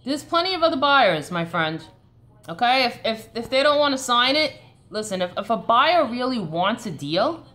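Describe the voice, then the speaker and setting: A woman's voice: a little high, a bit bright. A woman with a Long Island New York accent, hosting a casual live stream and answering viewer questions in a chatty, coaching way.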